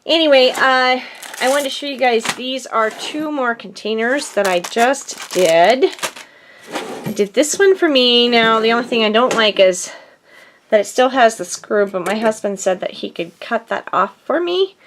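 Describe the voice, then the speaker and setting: A woman's voice: a little high, animated, unhurried, fairly bright tone, slight background noise. A middle-aged woman chatting casually in her home craft studio, rambling and a bit out of breath. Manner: rambling, chatty, self-deprecating. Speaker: crafting vlogger. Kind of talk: casual chat.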